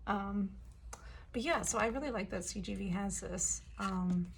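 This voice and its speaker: A woman chatting casually as a fan vlogger, hoarse and losing her voice, with lots of fillers and soft laughs. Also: mid-range voice, unhurried, slight background noise. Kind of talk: casual chat.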